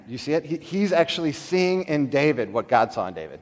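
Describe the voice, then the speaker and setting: A middle-aged man preaching from the pulpit, his voice sitting a little high for a man. He storytells with lively emphasis, then sinks to hushed, drawn-out phrases. The sound rings with the long reverb of a large hall. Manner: animated storytelling, swings between loud emphasis and quiet, slowed lines. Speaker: pastor. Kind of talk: sermon.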